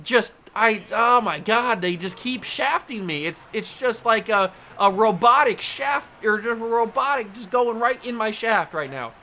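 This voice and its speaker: Bright, excitable male game commentator. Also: high voice, measured pace, few pauses, a little hiss or hum. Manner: excitable, yelling in frustration at the game. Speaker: gaming channel host.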